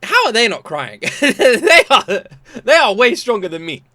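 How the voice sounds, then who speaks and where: A man's voice: very high voice, very animated, unhurried, sharp tone, no room sound, studio quality. A young British man hosting a reaction video, gushing and exclamatory, often breaking into laughter. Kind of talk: casual reaction commentary.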